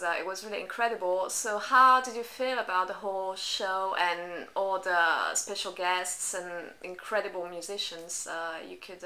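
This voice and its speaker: A woman's voice: mid-range voice, pushed and bright, slight background noise, poor audio. A woman interviewing a musician, asking questions in a friendly, slightly hesitant way.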